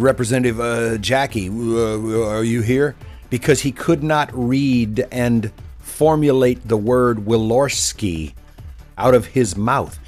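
A man hosts a commentary segment, voice pitched in the middle range. He mocks and emphasizes with heavy sarcasm. Faint music sits under his voice. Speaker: commentary show host. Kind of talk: mocking political commentary.

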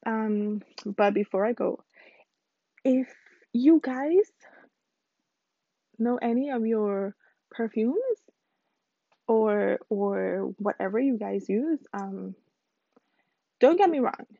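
A woman's voice: medium pitch, slow pace, vocal fry, pauses often, no room sound, highs cut off. A young woman with Caribbean roots hosting a casual solo podcast, chatty and candid, rambling with fillers. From Caribbean background, lives in Houston. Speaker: podcast host.

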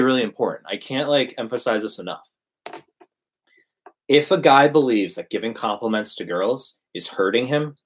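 A man's voice: mid-range voice, husky. A man in casual conversation, emphatically preaching his dating advice. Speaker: dating coach. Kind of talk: casual podcast chat.

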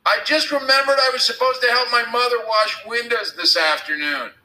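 A man's voice: very high voice, normal speed, bright, forceful tone, echoey room, voice pushed up, full character voice, low-quality recording. A man voicing a scared boy who answers in a defensive, huffy way. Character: scared boy pretending to be brave.

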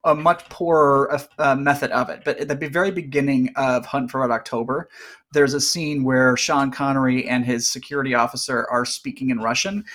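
A man's voice: mid-range voice, steady tone, fairly quick, fairly bright tone. A man co-hosting a casual movie discussion, talking in an analytical way with many fillers. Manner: chatty, analytical, lots of "like". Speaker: podcast co-host.

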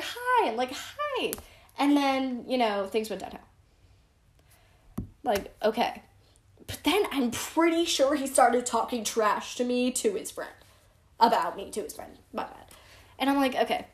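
A woman's voice: on the high side, normal speed, long pauses. A teenage girl telling a real-life story in casual vlog style, chatty and frank, peppering her talk with "like". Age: teens. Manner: chatty, frank and self-deprecating, heavy use of "like".

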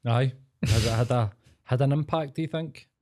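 Casting: Scottish man, podcast host, relaxed and sweary banter. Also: mid-range voice. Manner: laid-back, sweary, quick to laugh. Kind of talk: casual chat.

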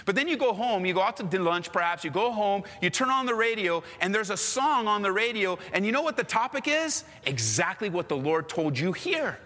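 Lively male preacher, bright, forceful delivery, long hall reverb behind him. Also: sits high, brisk, hardly any pauses. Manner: animated, conversational, storytelling. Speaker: pastor. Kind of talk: sermon.

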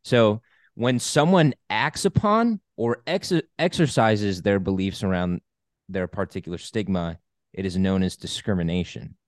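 Male podcast co-host, low-ish voice, dry close sound, upbeat explainer. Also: a little slow, no room sound. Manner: upbeat, explains definitions at length. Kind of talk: casual conversational podcast.

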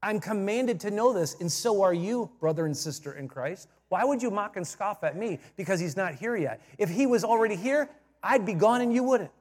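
A high-pitched male pastor preaches in a church, and his voice rings with a long reverb. He drops to quiet asides, then builds to loud emphatic points and repeats key phrases for effect. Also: animated, moderate pace. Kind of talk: sermon. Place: church sanctuary.

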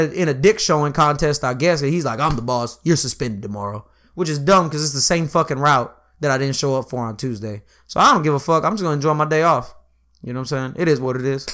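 A young man, his pitch on the high side, recounts a lengthy work story in a casual chat. His telling is lively and profane, full of acted-out quotes and the repeated filler "you know what I'm saying."

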